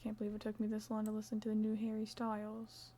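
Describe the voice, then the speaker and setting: Her voice is medium in pitch with a dark tone, a quick pace and a completely flat delivery. The young woman is casually live-streaming her crochet work, playfully chatting with viewers, reading the chat aloud, and softly counting stitches as she goes.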